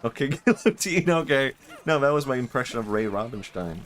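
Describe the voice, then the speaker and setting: A man's voice: medium pitch, expressive, fairly quick, a bit bright. A man, streaming and chatting casually with a chatty, self-amused manner. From Sweden. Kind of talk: casual gaming stream chat.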